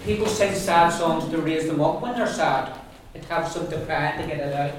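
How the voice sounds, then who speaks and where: Recorded far off in an echoey, noisy room, a man with a highish voice teaches a language class at normal speed. His explanations come in loose restarts, and he often checks in with the students.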